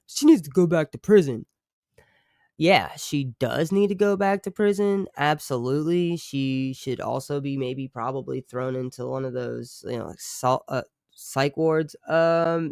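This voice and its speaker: A man who makes true crime streams and music, chatting live with his viewers in a loose, rambling way, full of swearing and quick reactions to the chat. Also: medium pitch, vocal fry, clear, resonant tone, no echo, studio quality. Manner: profane, rambling, animated asides to chat.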